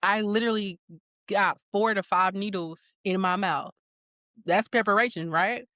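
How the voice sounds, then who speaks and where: A woman's voice: mid-range voice, measured pace, no room sound. A woman guest on a podcast, telling a story in a casual way and acting out the voices of the people she quotes. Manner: animated, acts out quoted voices.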